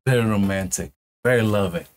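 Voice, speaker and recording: A man's voice: on the low side, fairly quick. A man hosting a casual reaction video, talking in a laid-back, slangy way with lots of filler phrases and eager praise. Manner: enthusiastic, emphatic praise. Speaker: YouTube reaction host.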